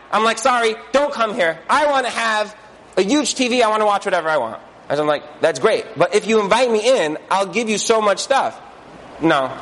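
A man giving an animated religious talk, acting out inner voices and asking rhetorical questions. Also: high voice, slight background noise, poor audio. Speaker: Jewish teacher.

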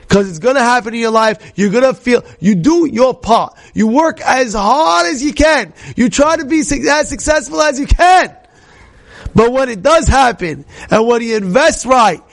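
High-voiced man giving an emphatic Torah lesson. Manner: emphatic, asks the listener rhetorical questions. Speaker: Torah teacher. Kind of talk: short recorded Torah lesson.

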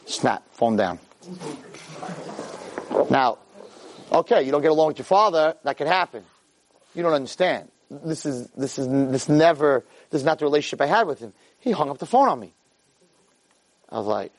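Animated, lively man telling a story. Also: moderate pace, pauses often, a little hiss or hum. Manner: animated, acts out dialogue with big swings in pitch. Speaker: Torah lecturer.

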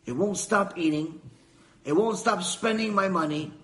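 A man doing a shouting stingy rich man. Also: high voice, unhurried. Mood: aggrieved. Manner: shouting, indignant complaining. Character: stingy rich man ranting at his own mouth.

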